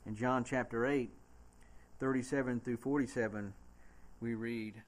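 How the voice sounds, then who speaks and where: A pastor with a Southern US accent preaches a sermon, reading scripture aloud slowly in a steady tone. His delivery swings between soft and low and loud, emphatic preaching.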